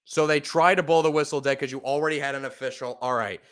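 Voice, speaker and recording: A young man giving live, profane fan play-by-play of a football game, exasperated and bursting into loud outbursts. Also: medium pitch, steady tone, quick pace, smooth. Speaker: podcast play-by-play host.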